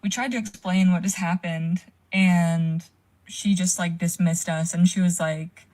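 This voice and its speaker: Mellow-voiced young woman, filler-heavy story. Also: lowish voice, steady tone, unhurried. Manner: frequent "like" fillers, swearing. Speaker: caller sharing a story. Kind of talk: casual storytelling.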